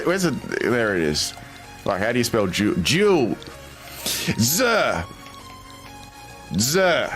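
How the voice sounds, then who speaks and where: An Australian man in his twenties talks through a live stream at a slow, unhurried pace, reading viewer chat aloud with amused disbelief. His pitch swings widely, sitting somewhat high for a man. Faint music plays behind him. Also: a bit bright. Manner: amused, reads viewer suggestions aloud with incredulous reactions.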